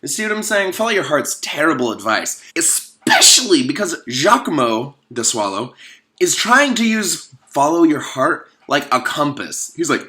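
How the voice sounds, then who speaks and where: A man at a middle pitch riffs casually on a movie in sarcastic, rambling comedic commentary. His voice swings widely up and down and has a bright, sharp edge. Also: normal speed. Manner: animated, sarcastic, rambling with many fillers. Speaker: video host.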